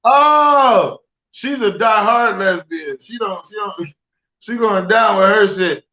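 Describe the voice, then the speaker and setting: A man's voice: sits high, slow pace, sharp tone, muffled recording. Crude, joking podcast co-host man. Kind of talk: casual chat.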